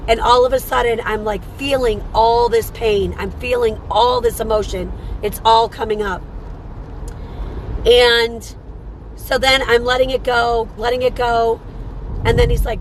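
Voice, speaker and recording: A woman's voice: fairly high pitch, steady tone, moderate pace, a little hiss or hum, low-quality recording. A woman who works as a psychic medium and hosts a show, telling a story in a rambling, casual way and repeating phrases for emphasis.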